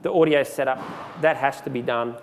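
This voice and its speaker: A man giving a relaxed, conversational live software demonstration, with frequent fillers, speaking into a handheld mic. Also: medium pitch, a little fast. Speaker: presenter. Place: presentation hall. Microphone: handheld microphone. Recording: long hall reverb, faint background noise.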